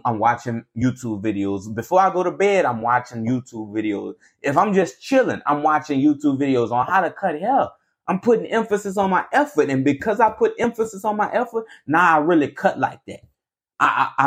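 A man hosting his own podcast, giving a motivational talk in a casual, repetitive, preachy way, often asking "you feel me". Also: sits high. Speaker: podcast host, barber. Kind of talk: motivational monologue.

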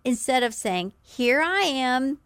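Middle-aged woman, earnest devotional podcast host, higher voice, dry close sound. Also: lively intonation, clean tone, no echo. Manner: earnest, warm encouragement with slow emphatic quotes. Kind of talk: devotional teaching talk.

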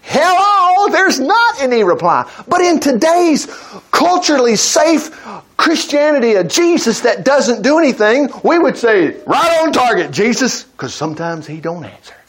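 Animated, high-pitched preacher man. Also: normal speed. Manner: emphatic, conversational preaching with sudden pitch jumps. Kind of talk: sermon.

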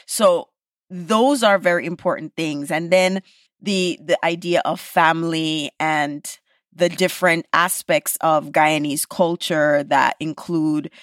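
Emphatic Caribbean woman, lowish voice. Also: measured pace, no echo, studio quality. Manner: animated, emphatic, many tag questions. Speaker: guest, podcast creator. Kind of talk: casual conversation.

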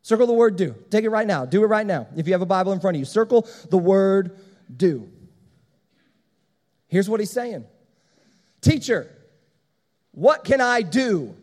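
Emphatic pastor in an echoing hall. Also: male voice, high-pitched, expressive, moderate pace, pauses often, warm tone. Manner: emphatic, repeats key phrases. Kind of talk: sermon. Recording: long hall reverb.

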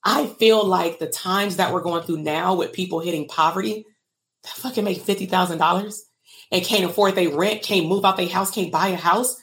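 A woman's voice: on the low side, moderate pace, fairly bright tone. A woman in her thirties, a business coach for therapists, talking casually and candidly to viewers on a live stream, emotional at times, laughing and swearing freely.

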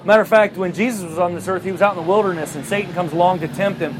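A man preaching a sermon, retelling a Bible story in a lively way and acting out the characters' voices. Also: sits high, very fast, noisy background. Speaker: pastor.

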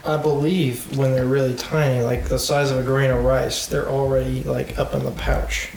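A man's voice: mid-range voice, level tone, moderate pace, gravelly, a little mellow. A man hosting a podcast in casual chat, joking with playful mock-dramatic banter. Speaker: podcast host. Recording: roomy echo, faint noise.

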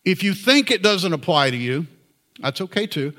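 Man, pastor, earnest conversational sermon, high pitched, animated. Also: normal speed.

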